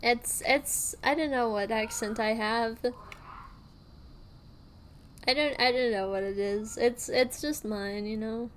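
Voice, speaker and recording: A woman's voice: on the high side, steady tone, slow, pauses often, slight background noise. A young woman streaming, chatting casually and rambling with lots of fillers and restarts.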